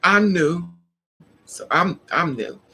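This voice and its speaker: A woman's voice: fairly low pitch, animated, takes it slowly, sharp tone, husky, poor audio. A woman vlogger casually telling a personal story to her viewers, acting out the dialogue and laughing often.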